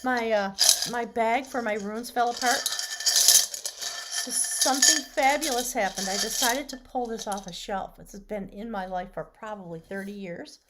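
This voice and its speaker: Lady doing a chatty tarot reading, kinda high voice, slips into whispers now and then. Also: moderate pace, very noisy. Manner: chatty, drifts into soft whispers. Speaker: tarot reader.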